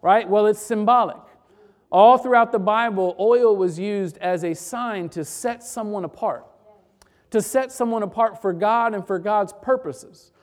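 In an unhurried, mid-range voice, a pastor delivers a sermon that swings between loud, emphatic bursts and quiet, hushed passages.

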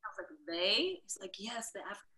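A woman from New York, a dancer and podcast guest, telling lively stories in casual conversation and acting out the people she quotes. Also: normal speed, a little hiss or hum. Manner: animated, acts out quotes with big jumps in pitch. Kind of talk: casual storytelling interview.

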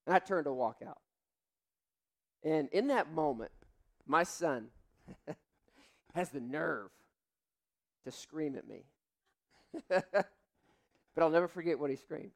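A young adult man preaching with a slightly high voice. He tells personal stories in a candid, conversational way, speaking straight to his congregation. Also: lively intonation, slow, gravelly, long pauses. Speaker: pastor. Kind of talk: sermon.

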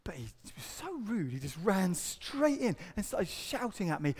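High-voiced man preaching in an echoing hall. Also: brisk, few pauses. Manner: earnest, animated storytelling with acted-out quotes. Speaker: pastor. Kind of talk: sermon.

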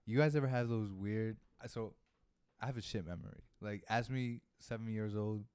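A young man spins loose, swearing stories while co-hosting a podcast. His voice sits low and smooth, recorded close and dry. The delivery is relaxed banter. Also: moderate pace, no echo. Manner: loose, profane storytelling. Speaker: podcast co-host. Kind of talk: casual chat.

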